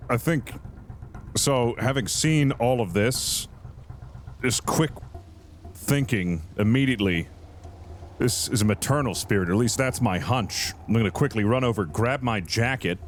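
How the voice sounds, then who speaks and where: A man's voice: mid-range voice, slight background noise. A man playing a tabletop horror game, thinking aloud and hesitant as he lays out his character's actions. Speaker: player. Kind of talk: casual tabletop play.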